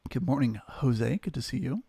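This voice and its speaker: A man's voice: mid-range voice, lively intonation, moderate pace, gravelly, dark tone, slightly rough, no room sound. A man hosting a live trading stream, steadily talking through market levels and greeting viewers in chat.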